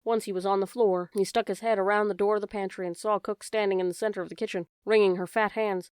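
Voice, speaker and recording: Clear-voiced woman reading a children's story. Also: medium pitch, fairly even intonation, fast talker, dry recording, studio quality. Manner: gentle, addresses the reader directly. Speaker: audiobook reader. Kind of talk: children's audiobook narration.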